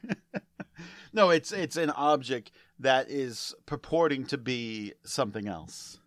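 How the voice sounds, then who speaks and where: A man's voice: medium pitch, lively intonation, slow pace, a bit bright. A man co-hosting a comedy podcast, trading joking, self-deprecating banter while drinking beer. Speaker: podcast co-host. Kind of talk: casual comedic chat.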